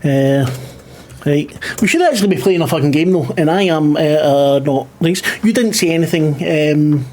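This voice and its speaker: A man's voice: a little high, normal speed, darkish tone. A man hosting and running a tabletop game, chatty and joking with frequent swearing. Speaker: game master and host. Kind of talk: casual banter, sweary.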